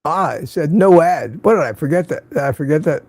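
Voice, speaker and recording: Older male host, casual live-stream chatter, friendly roll-call of viewers, mellow tone, dry close sound. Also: on the high side, lively intonation, a little fast, creaky, slightly rough, no echo. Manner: chatty, greets viewers by name, laughs often.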